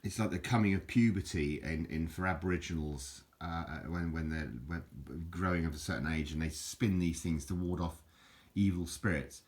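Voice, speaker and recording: A man with a very low voice talks casually to a handheld camera at home. His talk stumbles and restarts, full of fillers and chuckling self-mocking jokes. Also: moderate pace. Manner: drops into mock Aussie slang for fun. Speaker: video host showing an object. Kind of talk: casual rambling show-and-tell. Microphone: handheld camera, filming one-handed.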